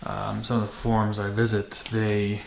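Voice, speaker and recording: A man's voice: on the low side, completely flat delivery, moderate pace, gravelly. A man hosting a dirt bike vlog, talking casually to camera with many fillers and restarts in a matter-of-fact way. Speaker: channel host. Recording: echoey room with faint noise.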